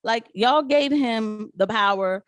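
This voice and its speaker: Animated woman ranting to her viewers. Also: fairly high pitch, slow pace, no echo, clean studio sound. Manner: animated, talks back to viewers, mocks voices in quotes. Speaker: political commentary vlogger. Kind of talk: casual live-stream commentary.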